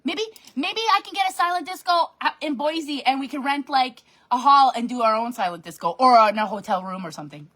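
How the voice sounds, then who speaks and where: A woman leading her sales team in a bubbly, animated live-stream pep talk from her home office desk, reading and answering comments as she goes. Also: high voice, fairly quick, hardly any pauses. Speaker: direct sales team leader.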